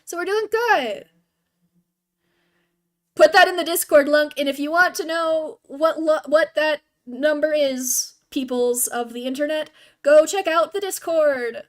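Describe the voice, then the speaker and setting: Young woman, high voice, game streamer, casual rambling chat, self-deprecating. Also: measured pace, fairly bright tone.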